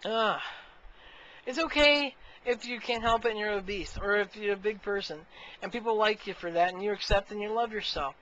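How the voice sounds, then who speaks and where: A man's voice: high voice, normal speed, bright, forceful tone. A man rambling in an exasperated, casual rant to the camera on a webcam mic. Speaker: video blogger. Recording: muffled lo-fi audio with faint hiss.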